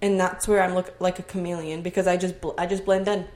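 A woman's voice: on the low side, little pitch movement, quick pace, a little mellow. A young woman with a Scottish accent talks straight to her listeners in a solo podcast. She speaks earnestly, building into motivational encouragement, recorded in her own home. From Scotland. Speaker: podcast host.

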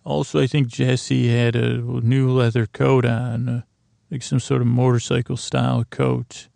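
A man's voice: mid-range voice, level tone, measured pace, gravelly, dark tone, dry recording. A man hosting a sleep podcast, recapping a story in a meandering way full of restarts. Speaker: podcast host. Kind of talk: rambling bedtime recap.

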